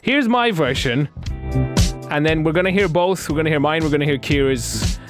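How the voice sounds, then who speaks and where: A man's voice: on the high side, moderate pace, loud music behind the voice. A man hosting a radio show, chatting casually and teasing his co-host. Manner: playful, teasing.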